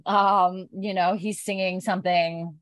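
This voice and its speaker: A woman's voice: fairly low pitch, little pitch movement, a little slow, no echo. A young woman hosting a podcast, casually recapping an episode with many "she's like" asides. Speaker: podcast host.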